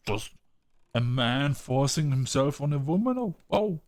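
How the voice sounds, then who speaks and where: A man's voice: mid-range voice, lively intonation, normal speed. Male gamer ranting and swearing. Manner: heated, swearing rants at the characters. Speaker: game streamer. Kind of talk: let's play commentary.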